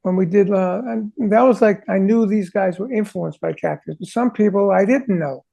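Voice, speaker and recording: In a casual storytelling interview, a rock drummer with a high, deeply gravelly voice and a dark, mellow tone recounts studio stories at normal speed, and the recording is muffled. He's animated, vocalizing drum parts and acting out what people said to him.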